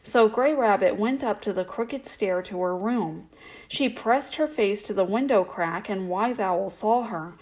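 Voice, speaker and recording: A woman's voice: medium pitch, measured pace, darkish tone, poor audio. Woman reading a bedtime story.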